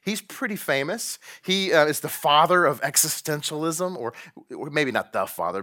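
Bright-voiced man preaching with drama. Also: medium pitch. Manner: dramatic, acts out quotes, varies loudness widely. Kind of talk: sermon. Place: room with a painting behind him.

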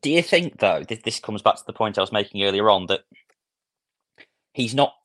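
A man's voice: on the low side, lively intonation, a bit bright, no echo. A man co-hosting a football podcast, choosing his words carefully and hedging. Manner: measured, hedging. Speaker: podcast co-host. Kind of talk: casual football chat.

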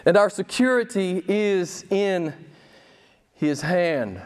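This pastor's sermon is emphatic and full of rhetorical questions, rising loud and dropping soft. His high-pitched voice is expressive and unhurried.

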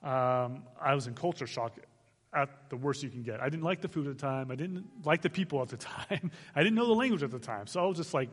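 A man in his forties from Arizona, a guest missionary speaker giving an animated testimony to a church, laughing as he tells it. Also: mid-range voice, fairly quick, big-room sound. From Arizona, United States. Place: church sanctuary.

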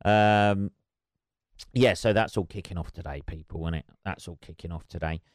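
A man's voice: low voice, normal speed, no echo, studio quality. A man hosting a solo podcast, rambling and wry with constant swearing, sipping tea as he talks. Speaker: podcast host.

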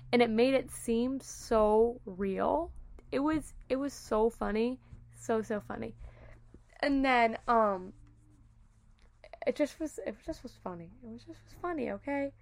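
A young adult woman hosting a podcast, telling stories in a chatty, animated way full of "like" and "oh my God". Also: fairly high pitch, a little slow, vocal fry. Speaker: podcast host. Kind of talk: casual storytelling.

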